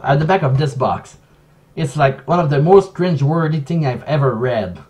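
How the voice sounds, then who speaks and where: A man who speaks English as a second language, giving a casual commentary vlog in a halting, self-correcting way. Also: fairly high pitch, darkish tone. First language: not English. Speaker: video essayist.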